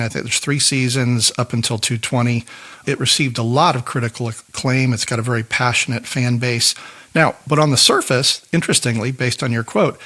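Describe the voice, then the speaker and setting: A man co-hosting a podcast, walking through a prepared explanation in a relaxed conversational way. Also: mid-range voice. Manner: explanatory, reads prepared notes. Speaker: podcast co-host.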